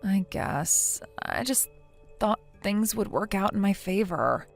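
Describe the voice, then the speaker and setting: Narrating a text story, a woman puts on an exaggerated, creaky, medium-pitched voice to play a whiny, self-pitying young wife who cheated. She speaks slowly and animatedly in a defensive tone, with faint music playing behind her.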